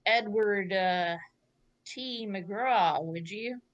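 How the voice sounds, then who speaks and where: A woman player speaks slowly and politely as her character. Her voice is even and unhurried. The recording sounds dull and lo-fi. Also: mid-range voice. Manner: slow, polite, says ma'am. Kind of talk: in-character tabletop play.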